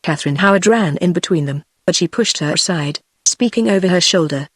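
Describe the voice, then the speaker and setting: A text-to-speech woman's voice with a British accent, reading a historical novel in an even, steady delivery. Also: lowish voice, fairly quick, breathy edge, no room sound. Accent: British English. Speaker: audiobook narrator. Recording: dry synthetic voice.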